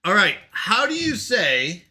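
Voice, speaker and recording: A man hosting a casual live stream, excitable and quick to laugh, exclaiming at his own mistakes. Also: sits high.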